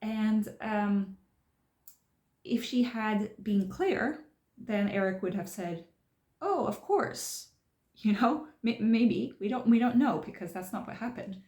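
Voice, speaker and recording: A woman gives casual spoken commentary on a book, explaining its points step by step as she thinks them through. Her mid-pitched voice carries a roomy echo from the space around her. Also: a little slow, a little mellow. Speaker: channel host discussing a self-help book.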